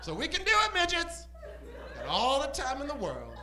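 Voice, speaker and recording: A man performing a stand-up set on a comedy club stage, camp and animated, with squealing outbursts. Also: very high-pitched, normal speed, rough recording.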